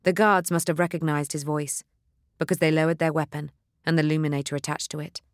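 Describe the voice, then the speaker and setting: A narrator reading a dark fantasy novel aloud in a measured, steady storytelling manner. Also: medium pitch, no room sound, studio quality. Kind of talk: audiobook narration.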